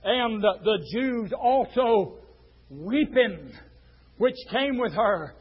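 A man preaching a sermon, swinging from hushed storytelling to fiery shouts and stretching out his words. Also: sits high, lively intonation, takes it slowly, slightly rough, highs cut off. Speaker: pastor.

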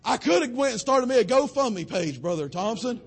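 Young male pastor, husky and raspy, fiery preaching cadence. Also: expressive, normal speed. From western North Carolina. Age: young adult. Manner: preaching cadence, swelling to shouts then dropping low. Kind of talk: sermon.

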